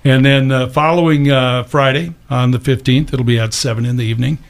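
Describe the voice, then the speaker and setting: A man's voice: medium pitch, fairly even intonation, a little fast, creaky. A man hosting a casual interview, asking rambling friendly questions with plenty of fillers. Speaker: radio talk show host.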